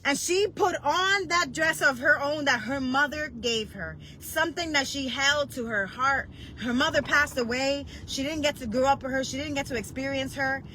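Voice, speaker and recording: Impassioned woman preacher over steady background noise. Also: sits high, normal speed, few pauses, low-quality recording. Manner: emotional, storytelling, builds to cries.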